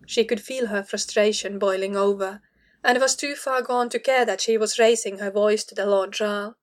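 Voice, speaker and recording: A woman reads a story aloud in a measured, steady way, like an audiobook narrator. Her voice sits at a middling pitch for a woman. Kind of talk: audiobook reading of fan fiction.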